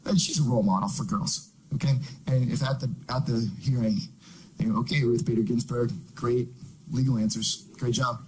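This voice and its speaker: A man's voice: medium pitch, fairly even intonation, moderate pace, darkish tone, slight background noise, low-quality recording. A man doing a stand-up comedy routine, brash and mocking, who puts on silly voices.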